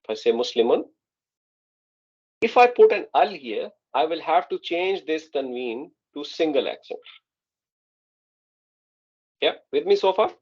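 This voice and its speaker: A man's voice: a little high, expressive, measured pace, long pauses, a little mellow, muffled recording. A man teaching an Arabic grammar class online, explaining patiently and often checking that students follow.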